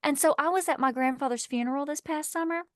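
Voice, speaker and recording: A woman's voice: sits high, fast, dry recording, studio quality. A woman with a Southern US accent, chatting casually as an audiobook narrator, telling stories with lots of fillers. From Texas. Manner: animated storyteller, many "like" fillers. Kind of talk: casual chat.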